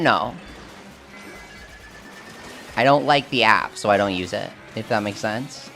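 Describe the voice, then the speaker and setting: A man's voice: lowish voice, takes it slowly, creaky, pauses often, a bit bright, faint music behind. A man streaming a game live, chatting casually with his viewers and answering their questions while he has the hiccups. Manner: chatty, self-deprecating, answers chat questions.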